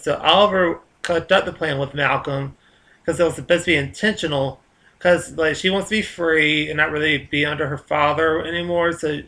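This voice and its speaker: A man's voice: fairly high pitch, sharp tone. A man with a Southern US accent, rambling casually in a vlog monologue, chatty and full of fillers and restarts. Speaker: vlogger.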